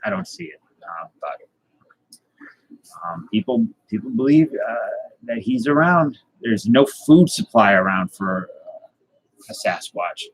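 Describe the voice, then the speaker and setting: A man hosting a casual live stream, rambling through a deadpan tall tale and chatting with viewers. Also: medium pitch, slow, long pauses, a little hiss or hum, low-quality recording. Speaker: host.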